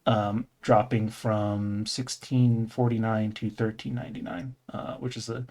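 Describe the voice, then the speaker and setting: A man's voice: on the low side, flat delivery, measured pace, darkish tone. A man co-hosting a casual podcast, rambling and correcting himself, laughing often and swearing casually. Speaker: podcast co-host. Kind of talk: casual gaming podcast chat.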